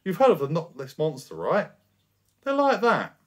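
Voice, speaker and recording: A man's voice: a little high, wildly swooping pitch, normal speed, voice pushed up. A knowing furniture mover passing on an old monster tale with an ominous edge, as a male storyteller puts him on. The voice sits above the narrator's own and rises and falls a lot. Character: knowing adult furniture mover telling legends.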